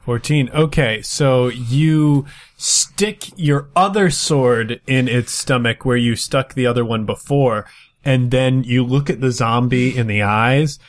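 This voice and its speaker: A man narrating and running a tabletop game as game master, with vivid, quick descriptions. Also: medium pitch.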